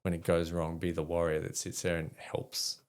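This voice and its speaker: Deep, monotone, dark-toned yet clear and resonant, this middle-aged Australian man speaks at normal speed. He's an army veteran guesting on a podcast, candidly rambling through frank stories full of fillers.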